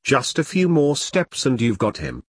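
A man doing a smarmy, posh lord who chirps his cruel remarks with breezy cheer. He is drawn from a dark comic storybook, recorded close and dry. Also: medium pitch, huge pitch swings, measured pace, husky, no room sound, exaggerated voice. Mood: gloating. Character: smarmy upper-class English lord, cheerfully callous.

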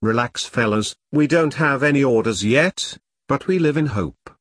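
A man's voice: medium pitch, moderate pace, a bit bright, breathy edge, no echo. A man voicing an impatient British army major giving his troops curt orders. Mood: commanding. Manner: curt, commanding briefing tone. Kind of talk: audiobook character reading.

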